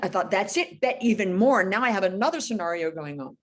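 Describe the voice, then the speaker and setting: A woman in her fifties, a business coach being interviewed, talking in an energetic, emphatic way and telling stories with feeling. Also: medium pitch, a little fast. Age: 50s. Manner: energetic, emphatic, animated storytelling. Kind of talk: podcast interview.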